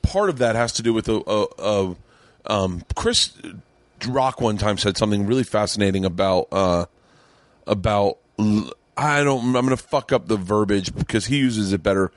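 A man's voice: lowish voice, moderate pace, no room sound. A man hosting a podcast in casual chat, earnest and rambling with many restarts. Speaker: podcast host. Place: home studio.

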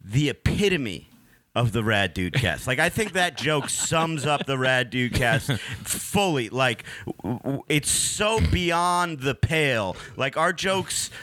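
A man's voice: mid-range voice, lively intonation, slow, sharp tone. A man co-hosting a comedy podcast, talking in rambling bursts with laughs and stammered restarts. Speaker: podcast co-host. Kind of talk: casual comedy podcast banter.

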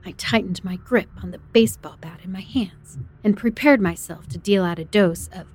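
A woman's voice: mid-range voice, expressive, normal speed, few pauses. A woman narrating a first-person horror story in a tense, dramatic way.

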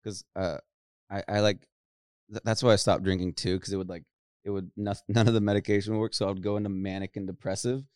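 A young man with a lowish, smooth voice rambles through a casual podcast chat, full of fillers and offhand swearing. The recording is close and dry. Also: level tone, fast, darkish tone, dry recording.

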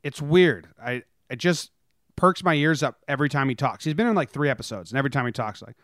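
A man co-hosting a casual sports podcast, his voice sitting mid-pitch. He rambles, trails off and restarts his thoughts. The mic is close and dry, with no room sound. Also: expressive, fast, a bit bright, dry recording. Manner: rambling, self-interrupting. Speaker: podcast co-host.

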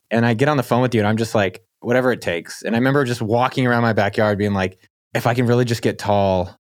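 A man hosting a podcast, talking in an upbeat, excitable, salesy way, then chatting casually with his guest. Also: no echo, studio quality. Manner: upbeat, salesy, excitable delivery with sudden pitch jumps. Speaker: podcast host. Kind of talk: energetic podcast intro and casual interview.

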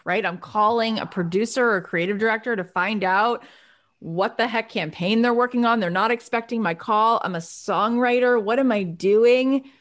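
A woman hosting a podcast, telling a motivational story and acting out her old phone calls with lively energy. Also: mid-range voice, moderate pace. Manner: animated, acts out her own past phone calls. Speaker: podcast host.

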